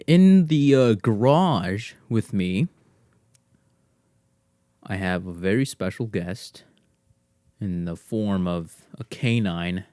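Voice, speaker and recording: This man hosts a casual solo podcast from his garage, wandering through topics and joking at his own expense. His fairly low voice is a bit mellow, clear and resonant, captured dry through a desk mic to the computer.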